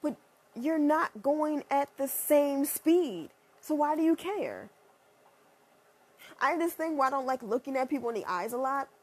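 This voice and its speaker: A woman ranting in a blunt, profane and sarcastic monologue, leaping up and down in pitch. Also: a little slow. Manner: animated, with sudden pitch jumps.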